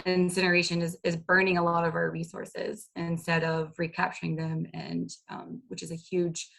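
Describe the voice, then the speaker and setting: A woman's voice: on the low side, monotone, moderate pace, creaky, a bit bright. A woman, an environmental organizer speaking casually on a panel, with many fillers. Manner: casual, filler-heavy advocacy talk. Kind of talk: online panel talk.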